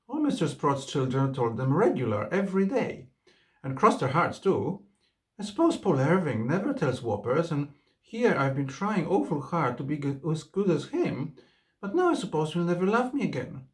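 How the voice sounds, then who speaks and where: A man's voice: a little high, huge pitch swings, moderate pace, a little mellow. A man voicing a small mischievous boy, frank and then pleading through tears, in a storybook reading.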